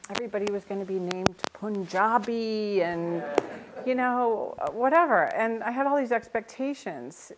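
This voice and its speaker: An older woman, a Zen teacher, giving a conversational dharma talk in a meditation center, telling stories with gentle self-mocking humor. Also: mid-range voice, noisy background.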